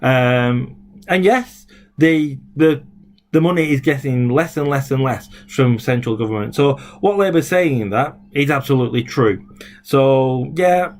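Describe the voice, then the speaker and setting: A man's voice: medium pitch, expressive, unhurried. A man, a former local councillor, talking indignantly in a rambling video blog full of fillers and restarts. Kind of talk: casual video blog rant.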